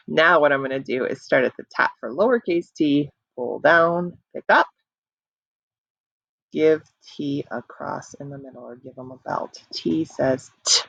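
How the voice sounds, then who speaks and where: Gravelly-voiced woman teacher, encouraging. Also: low voice, no room sound, muffled recording. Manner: encouraging, stretches words out slowly for clapping syllables. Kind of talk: recorded online early-reading lesson. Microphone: computer mic.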